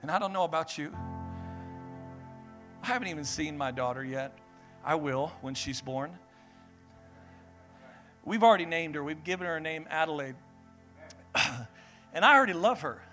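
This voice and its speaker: A young male preacher with a high, bright, forceful voice delivers an animated sermon, acting out people in his stories. Soft music plays faintly behind him. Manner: animated, acts out Bible figures and family members in quick voices. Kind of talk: energetic sermon.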